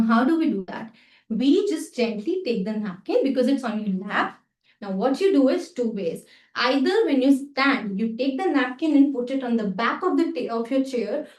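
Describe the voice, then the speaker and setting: A woman with an Indian English accent teaches table etiquette in a fairly high voice. She explains each step patiently and repeats short phrases as she shows them. Her voice sounds distant in a reverberant room. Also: a little mellow. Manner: instructive, repeats phrases while demonstrating. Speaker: etiquette trainer. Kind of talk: workshop lesson with demonstrations. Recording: echoey room, mic at a distance.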